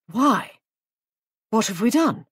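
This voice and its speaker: A woman voicing a young husband who talks in a gloomy, matter-of-fact way, dropping her voice lower. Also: sing-song, takes it slowly, slightly rough, dry recording, clean studio sound, heavily acted.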